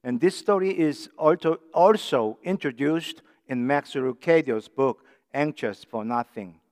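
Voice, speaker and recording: A male pastor delivering a sermon in a church sanctuary, his smooth, resonant voice carrying a long reverb from the large hall. He speaks slowly and deliberately, stressing key words one at a time, with a slightly raised pitch. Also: a little mellow. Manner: slow, deliberate emphasis on single words.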